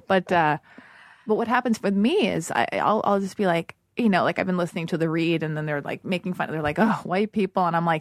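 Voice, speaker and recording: A woman's voice: lowish voice, lively intonation, a little fast, no room sound, studio quality. Candid, swearing woman podcast host. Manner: candid, emotional, swearing, many restarts. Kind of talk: casual podcast conversation. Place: Los Angeles.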